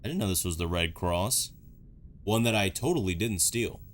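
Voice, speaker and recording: A man's voice: deep voice, animated, moderate pace, a little hiss or hum. A man giving casual, joking reaction commentary on videos, rambling through chatty asides.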